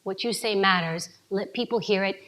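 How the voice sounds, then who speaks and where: A woman from New giving an energetic coaching talk to a live audience, asking them questions. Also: mid-range voice, normal speed. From New York City. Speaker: speaker at a summit.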